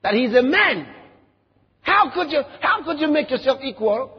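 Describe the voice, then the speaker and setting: A man's voice: very high-pitched, sing-song, normal speed. A man preaching a sermon as a pastor, asking the listeners questions and acting out the words of others. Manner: emphatic preaching with rhetorical questions and quoted voices. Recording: reverberant hall, dull lo-fi sound.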